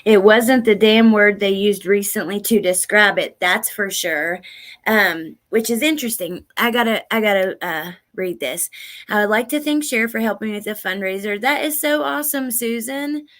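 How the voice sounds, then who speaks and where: A woman's voice: mid-range voice, moderate pace, fairly bright tone. A woman hosting a casual livestream, chatting with viewers by name and repeating lines from a clip. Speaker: livestream host.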